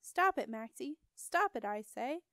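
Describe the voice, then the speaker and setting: A worried, flustered wizard father calling out anxiously, read aloud by a woman. The delivery sits a touch high. The recording is close and dry. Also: lively intonation, moderate pace, no echo.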